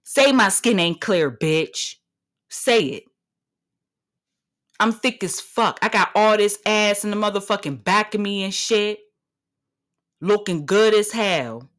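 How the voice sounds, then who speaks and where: A woman's voice: medium pitch, lively intonation, slow pace, long pauses, fairly bright tone. A woman in her thirties hosting a solo podcast, talking in a brash, profane, swaggering way. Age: 30s. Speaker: podcast host.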